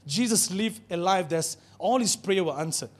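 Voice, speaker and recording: High-voiced animated male preacher. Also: slow pace. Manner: animated, call-and-response with congregation. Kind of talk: sermon. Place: church.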